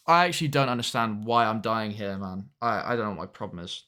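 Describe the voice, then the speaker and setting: A man's voice: fairly low pitch, fast, few pauses, bright, forceful tone, clear, resonant tone. A young man chatting casually with viewers while streaming a game, swearing now and then at the game. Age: young adult. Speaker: streamer reading chat.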